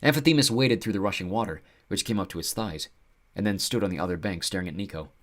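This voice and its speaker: A man narrating an audiobook with an expressive storytelling delivery. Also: low voice, fast talker.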